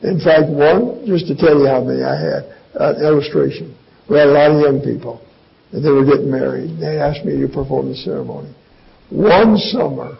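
An older man preaching a sermon as pastor, his gravelly voice jumping into high, emphatic outbursts. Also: moderate pace, dull audio.

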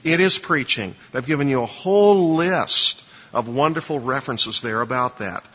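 A man's voice: medium pitch, moderate pace, a bit bright, slightly rough. A man lecturing a class on preaching, emphatic, quizzing listeners to fill in blanks in their notes. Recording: dull lo-fi recording with long reverb.

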